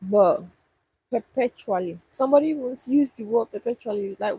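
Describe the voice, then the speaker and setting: A woman's voice: on the high side, lively intonation, moderate pace, mellow, slight background noise, poor audio. A young woman chatting casually with viewers on a livestream, thinking aloud and restarting her sentences. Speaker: livestream host answering viewers. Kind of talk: casual live chat.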